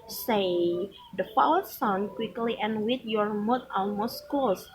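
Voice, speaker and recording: A woman's voice: on the high side, low-quality recording. A woman reading a pronunciation lesson aloud from a textbook, carefully and with small slips and restarts.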